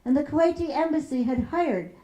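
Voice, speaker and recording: A middle-aged woman from Chicago giving a public talk as a peace activist. She tells stories in a measured way and slows down to stress key phrases. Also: high-pitched, mellow. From Chicago, USA. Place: lecture room. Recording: roomy hall echo.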